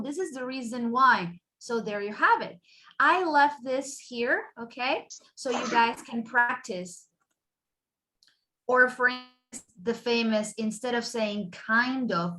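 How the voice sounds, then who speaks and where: A woman's voice: fairly high pitch, fairly bright tone. A woman from Spain teaching an online English listening class, chatty and constantly checking in with her students.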